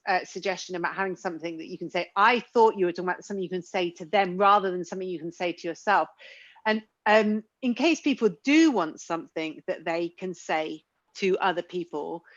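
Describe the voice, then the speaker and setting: A candid woman co-hosting a relaxed parenting chat, joking and thinking out loud. Her voice sounds dry and close, with a dull, lo-fi tone. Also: mid-range voice, no echo. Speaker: podcast co-host. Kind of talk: casual chat.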